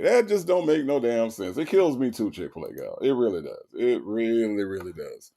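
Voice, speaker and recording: A man's voice: mid-range voice, big pitch swings, normal speed, creaky, mellow. A man hosting a comedic commentary stream, reading chat aloud and mocking with frequent laughs. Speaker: host.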